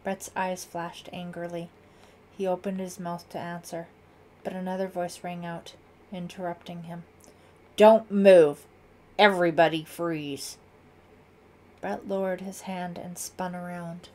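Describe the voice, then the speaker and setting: A woman narrating a thriller audiobook in a measured, dramatic reading. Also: on the low side, completely flat delivery, dark tone.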